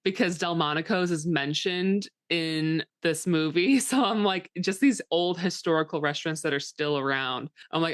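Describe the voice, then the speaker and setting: A woman co-hosting a podcast in casual chat, relaxed and given to playful asides. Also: sits low, normal speed, hardly any pauses, no echo, studio quality. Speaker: podcast co-host.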